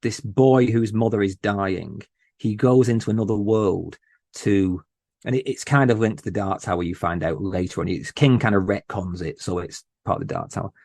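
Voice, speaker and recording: A man guest on a podcast, talking in an earnest, emotional way with many halting restarts. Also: lowish voice, creaky, darkish tone, no echo, clean studio sound. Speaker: podcast host, interview guest. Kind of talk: casual interview chat.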